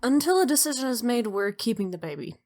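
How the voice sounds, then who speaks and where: A gentle, practical mare with a soft, reasonable way of talking, as a woman acts her out. Her voice sits a little high and moves through a lively pitch range, in an audio drama. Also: quick pace, slight background noise. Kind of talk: fan audio drama acting.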